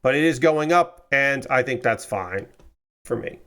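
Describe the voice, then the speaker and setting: A man's voice: mid-range voice, expressive, unhurried, a bit bright. A man hosting a model kit build stream, chatting casually and tiredly, rambling with lots of fillers and the odd swear word. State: tired and yawning. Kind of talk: casual chat while building.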